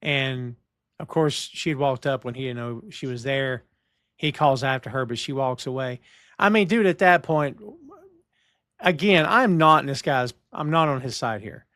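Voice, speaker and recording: A man's voice: medium pitch, moderate pace, fairly bright tone, no echo, studio quality. A man co-hosting a podcast who bluntly recaps what happened in a show. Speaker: podcast co-host. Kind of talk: casual chat, recapping an episode.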